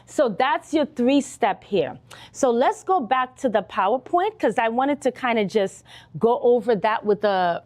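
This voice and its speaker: Upbeat woman teaching nursing exam prep. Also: a little high. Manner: animated, talks to students directly, frequent "okay?" checks. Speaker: nursing instructor. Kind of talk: live online exam-prep lesson.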